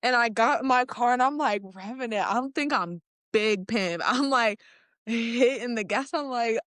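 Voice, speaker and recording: A woman's voice: fairly high pitch, moderate pace, no echo, clean studio sound. A young adult woman telling a story in casual chat, laughing often and acting out what people said. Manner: animated, laughs often, acts out quotes. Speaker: podcast guest.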